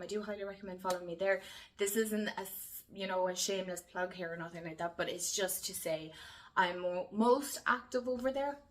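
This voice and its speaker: A woman's voice: mid-range voice, a bit bright, a little hiss or hum. Chatty Irish woman vlogging. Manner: chatty and effusive, full of fillers. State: emotional, near tears. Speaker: YouTube creator. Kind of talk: casual vlog chat to camera.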